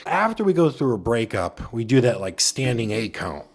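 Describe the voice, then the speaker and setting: Guy cohosting a podcast, crude storyteller, plays out the dialogue, mid pitch. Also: moderate pace. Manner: crude, animated storyteller who acts out quotes. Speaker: podcast co-host. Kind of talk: casual storytelling chat.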